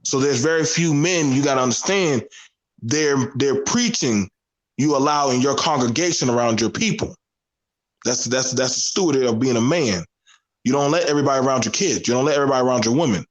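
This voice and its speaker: A man's voice: mid-range voice, fairly quick, poor audio. A man with a Southern US accent speaking as a guest on a casual panel discussion, earnest and emphatic, often repeating his phrases.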